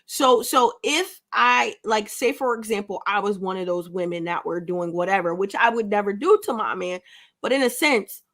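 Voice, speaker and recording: A woman's voice: mid-range voice, animated, moderate pace, a bit bright. A woman co-hosting a podcast in casual chat, teasing and speaking straight to the listeners. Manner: teasing, addresses listeners directly. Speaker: podcast co-host.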